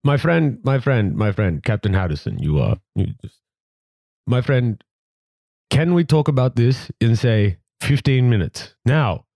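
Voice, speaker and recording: A man voicing a smooth, placating male cat-folk elf who keeps calling people his friend. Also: medium pitch, animated, measured pace, mellow, dry recording. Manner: smooth, placating, with hesitant filler phrases.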